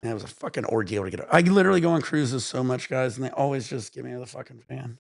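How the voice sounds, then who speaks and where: A man rambles through a loose, laid-back vlog chat, swearing freely and sounding high. His voice has a gravelly, creaky edge. It is recorded dry and close, with no room sound. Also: fast, dry recording. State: high while talking. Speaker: vlog host. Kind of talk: casual chat.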